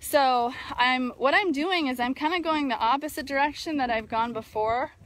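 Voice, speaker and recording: A woman's voice: sits high, moderate pace, a bit bright. Woman talking casually outdoors in wind. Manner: thoughtful, many fillers and restarts. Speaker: barrel racing trainer hosting a live video. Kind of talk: casual live video chat. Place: outdoors near a barn, breezy. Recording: faint wind noise outdoors. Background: wind noise.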